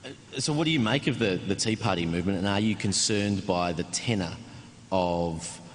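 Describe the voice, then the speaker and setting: A man's voice: low-pitched, moderate pace. A man interviewing on stage, asking questions hesitantly with many fillers. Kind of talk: onstage interview. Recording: echoey hall, faint room noise.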